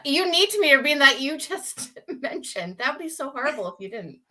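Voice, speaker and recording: A woman's voice: sits high, sing-song, normal speed, bright, forceful tone. A woman with a Southern US accent, co-hosting a casual live video chat, teasing and laughing often. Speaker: co-host.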